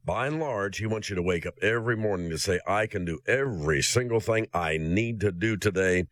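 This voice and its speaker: A man's voice: on the low side, brisk, a bit bright, dry recording. A male preacher delivering a sermon, speaking earnestly and directly to the listener.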